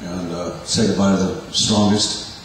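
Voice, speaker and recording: A man in his forties giving a halting, self-deprecating personal testimony to a church congregation. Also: low-pitched, flat delivery. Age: 40s. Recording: echoey hall from far off, faint hum.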